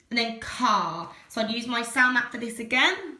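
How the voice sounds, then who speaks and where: A woman teacher demonstrating phonics and sentence writing, slowly sounding out letters and words. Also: on the high side, animated, bright, forceful tone, reverberant. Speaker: primary school teacher.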